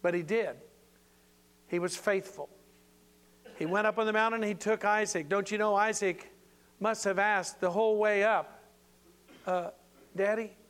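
A man's voice: sits high, fairly even intonation, moderate pace, long pauses, a bit bright, smooth. An older man preaching an informal sermon in a folksy, playful way with many asides.

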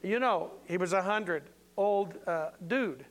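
A man's voice: high-pitched, slow. An older man preaching an informal sermon in a folksy, playful way with many asides.

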